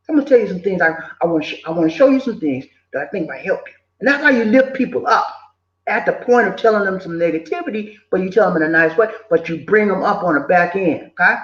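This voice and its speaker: Older man, high for a man, lecturing casually, roomy dull recording. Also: fast. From southern United States. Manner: preachy, animated, repeats himself, slips in quoted voices. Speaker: vlogger giving life advice. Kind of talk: casual motivational talk. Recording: echoey room, dull lo-fi sound.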